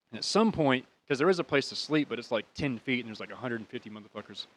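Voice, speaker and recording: A man's voice: medium pitch, lively intonation, fast talker, fairly bright tone. A young American man hosting a podcast, telling a personal story in a casual, rambling, profane way. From United States. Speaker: podcast host.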